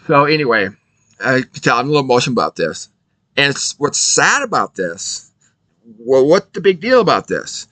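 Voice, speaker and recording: A man teaching in a casual video, his voice bright and forceful. His pitch rises and falls in a lively way as he drives points home with rhetorical questions. The sound is close and dry, with no room echo. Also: normal speed. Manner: emphatic, rhetorical questions, repeats himself. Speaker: Bible teacher.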